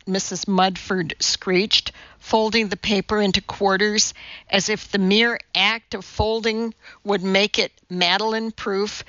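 A woman narrating an audiobook in a measured storytelling manner. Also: mid-range voice, fairly bright tone, no room sound, dull audio. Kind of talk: scripted narration.

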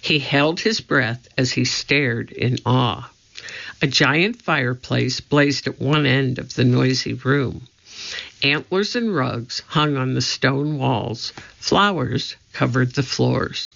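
Man, audiobook narrator, slow steady reading, gravelly, lo-fi sound. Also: medium pitch. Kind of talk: scripted narration. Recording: slightly dull lo-fi audio.

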